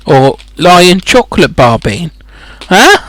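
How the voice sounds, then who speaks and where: A man's voice: high voice, big pitch swings, slow, fairly bright tone, no room sound. A man reading a children's fantasy book aloud as a comedic audiobook, breaking off into rambling, sweary, mocking asides. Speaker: audiobook reader.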